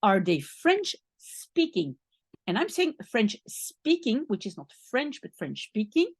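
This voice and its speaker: Woman, language teacher, patient step-by-step explanation, slow delivery, dry close sound. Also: fairly high pitch, huge pitch swings, breathy edge, no room sound. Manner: explains patiently step by step, spelling out French words. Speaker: French teacher. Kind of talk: language lesson.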